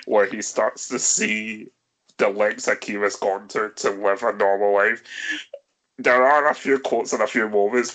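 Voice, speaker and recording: A male podcast host talks at an unhurried pace in a fairly low voice. He leads a casual film discussion, walking through scenes and turning questions over to his co-hosts. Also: a bit bright. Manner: leads the talk, recapping scenes and asking the others.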